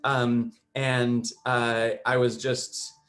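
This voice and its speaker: A man's voice: mid-range voice, flat delivery, extremely slow, a bit bright, faint music behind. A man appearing as a guest songwriter, talking hesitantly with many ums over a video call. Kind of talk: casual interview talk.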